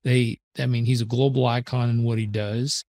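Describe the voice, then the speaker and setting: Earnest man in his thirties, mid-pitched, animated storytelling guest, dry close mic. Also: normal speed, gravelly, no room sound. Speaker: podcast guest, performance coach. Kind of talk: casual interview storytelling.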